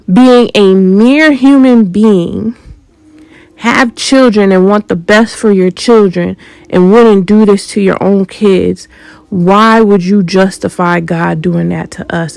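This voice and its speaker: Woman, spiritual monologue host, slow deliberate delivery, pointed rhetorical questions, dry close sound. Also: medium pitch, no echo, low-quality recording. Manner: confrontational, rhetorical questions, emphatic.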